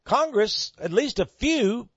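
A man's voice: extremely high pitch, lively intonation, slow pace, slightly rough, no echo, dull audio. A man with a Texan accent hosting a radio talk show, delivering an emphatic, sarcastic monologue. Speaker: radio host.

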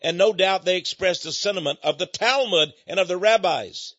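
A man's voice: high-pitched, normal speed, fairly bright tone, dry recording. A man preaching an emphatic, repetitive monologue that speaks directly to his listeners. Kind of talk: radio-style sermon monologue. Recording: dull, muffled dry recording.

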